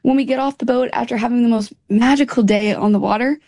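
A woman's voice: fairly high pitch, fairly even intonation, fast talker, mellow, no echo, studio quality. A woman from Louisiana, an interview guest in casual chat, upbeat and fond of saying y'all.

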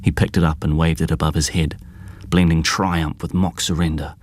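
Male narrator, audiobook reading, very low voice, dry close sound, measured. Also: flat delivery, dry recording.

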